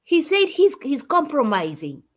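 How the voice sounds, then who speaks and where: A married woman co-hosting a casual live recap chat, speaking in a measured way and often restarting her sentences. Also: high-pitched, huge pitch swings. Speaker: co-host.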